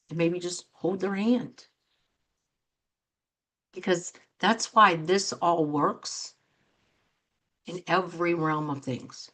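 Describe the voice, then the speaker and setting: A woman's voice: on the low side, measured pace, pauses often, fairly bright tone. A middle-aged woman hosting a talk show as a coach, speaking earnestly and acting out quoted reactions in her examples. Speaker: host and coach. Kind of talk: motivational talk show monologue.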